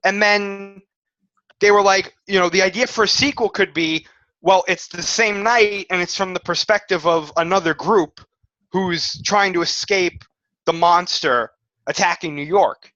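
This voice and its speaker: A man co-hosting a podcast in casual chat, animated and reasoning out loud with restarts. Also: sits high, unhurried, no room sound. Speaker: podcast co-host. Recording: dull lo-fi audio.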